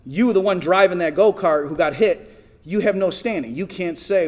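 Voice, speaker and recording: Man, middle-aged, conference talk, slightly high pitch, casual, many restarts. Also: normal speed, a little mellow. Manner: conversational, asks the audience, many restarts and "right?". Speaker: conference speaker. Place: conference hall.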